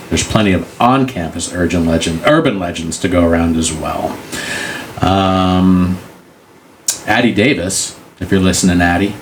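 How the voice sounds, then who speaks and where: Deep-voiced man telling stories. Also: slight background noise. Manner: joking, acts out silly voices in the stories. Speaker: podcast co-host. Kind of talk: casual storytelling chat.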